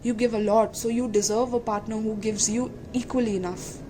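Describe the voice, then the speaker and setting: A woman's voice: on the high side, steady tone, brisk. A woman reads tarot straight to her viewers in an earnest, affectionate way. She keeps checking in with little asides to her listeners. A faint hiss sits under her voice. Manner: warm, repeatedly checks in with "okay?" and "my loves"; gentle, emotional and earnest. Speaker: tarot reader. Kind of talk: tarot reading to camera.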